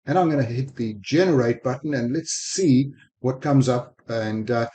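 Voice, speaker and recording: A fast-talking sales technology speaker, a man with a mixed South African, Spanish and American accent, gives a screen-recorded software walkthrough. Captured on a desk microphone with slight background noise, his medium-pitched, dark-toned voice sounds quick and enthusiastic.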